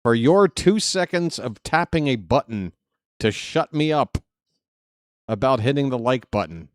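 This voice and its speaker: A man's voice: mid-range voice, very animated, unhurried. A man calling a ballgame play-by-play on a fan live stream, chatty, joking and fussy.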